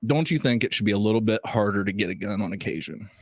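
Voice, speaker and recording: A man's voice: on the low side, fast talker, breathy edge, no echo. A man who is a guest on a casual podcast, chatting easily and pushing back earnestly on the host. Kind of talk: casual chat.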